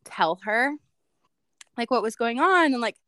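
A woman's voice: a little high, lively intonation, a little slow, fairly bright tone, no echo. Chatty young woman, dry close sound. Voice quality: says "like" a lot, chatty and reflective. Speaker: podcast co-host. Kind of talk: casual chat, personal storytelling.

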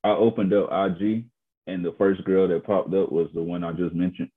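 A man's voice: deep voice, flat delivery, moderate pace, slightly rough. A man chatting casually on a podcast, laid-back and brief. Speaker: podcast co-host. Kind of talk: casual chat. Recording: tinny phone-like sound.

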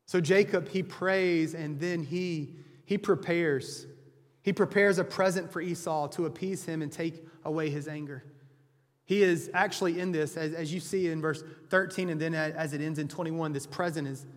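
A man's voice: a little high, fairly even intonation, normal speed. A man preaching a sermon as a pastor, earnestly explaining scripture. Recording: long hall reverb.

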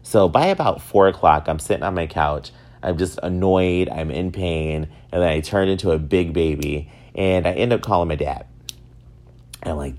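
A man in his thirties from upstate New York, telling self-mocking stories in a casual, animated way. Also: normal speed. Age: 30s. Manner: animated, self-mocking, swings up high for acted quotes. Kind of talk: casual storytelling monologue.

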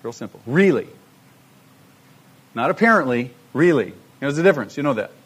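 A man's voice: medium pitch, very animated, rapid-fire, a bit bright. A middle-aged man preaching a sermon, emphatic and full of rhetorical questions to the congregation. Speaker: pastor.

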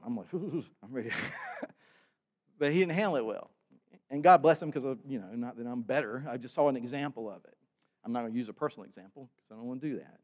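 A man's voice: medium pitch, darkish tone. A male pastor, preaching a sermon in a folksy storytelling way and acting out the people in his stories.

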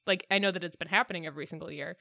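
A woman's voice: fairly low pitch, very fast, creaky, sharp tone, dry recording, studio quality. A woman co-hosting a podcast, chatting casually with many fillers about a TV episode. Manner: chatty, filler-heavy reflection. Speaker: podcast co-host. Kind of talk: casual chat.

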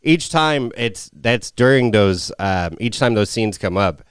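A man's voice: fairly low pitch, animated, unhurried, smooth, no echo, studio quality. A man in his twenties co-hosting a casual film podcast, rambling, swearing freely and laughing often. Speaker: podcast co-host.

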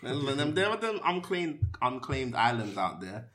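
A man's voice: mid-range voice, big pitch swings, normal speed, fairly bright tone. A young man, hosting a casual podcast and telling provocative, rambling jokes. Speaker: podcast host.

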